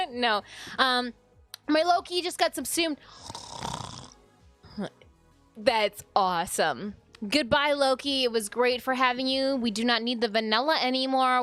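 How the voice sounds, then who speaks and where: A woman's voice: high-pitched, fairly bright tone, no echo. Chatty woman in her thirties streaming. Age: 30s. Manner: chatty, playful, talks to chat and her cat. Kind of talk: casual live-stream chat. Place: home streaming room. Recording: dry close sound with music under it.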